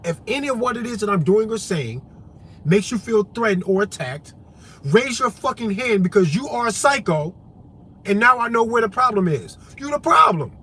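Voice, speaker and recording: High-voiced man on a profane rant. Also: lively intonation, normal speed, fairly bright tone, slight background noise. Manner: profane, emphatic, preachy, repetitive. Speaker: vlogger and activist. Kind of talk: impassioned monologue to camera.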